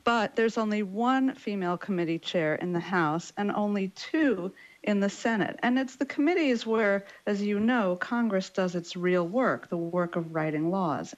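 A woman newspaper correspondent explaining politics in a radio news interview, measured and explanatory with some fillers. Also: mid-range voice, highs cut off.

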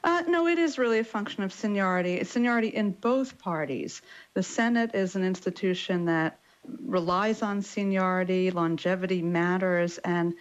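A woman newspaper correspondent explains politics in a radio news interview, measured and explanatory with some fillers. Her voice is medium in pitch, and the audio is dull.

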